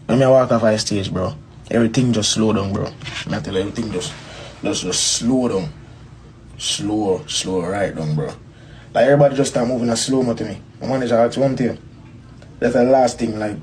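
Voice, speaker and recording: A man's voice: mid-range voice, steady tone, quick pace, a little mellow, slight background noise, poor audio. A young man telling a personal story in a rambling way, repeating bro and dog. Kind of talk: interview clip, personal story.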